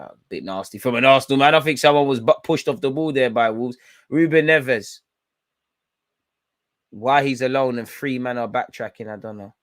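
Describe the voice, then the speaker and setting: A man's voice: fairly low pitch, no echo. A young man giving blunt, slangy, frustrated running commentary while watching a football match live. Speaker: football fan channel host.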